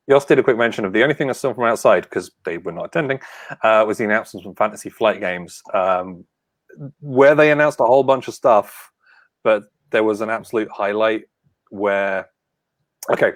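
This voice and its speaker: A man's voice: fairly low pitch, no echo. A man co-hosting a casual chat, telling stories with lots of acted-out quotes. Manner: animated storyteller, acts out quotes. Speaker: podcast co-host.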